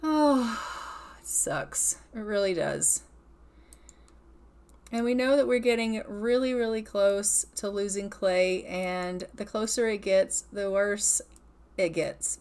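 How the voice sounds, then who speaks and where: In casual let's-play commentary, a woman narrates a life-sim game with affection and frequent laughter. Her mid-range voice is clear and resonant, a little mellow, and she takes her time.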